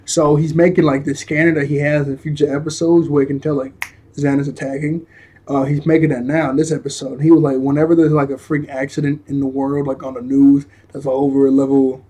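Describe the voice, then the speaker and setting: A man's voice: a little high, little pitch movement, brisk, dark tone. A man casually reviewing a cartoon episode, talking in loose slang with lots of fillers and frequent chuckles.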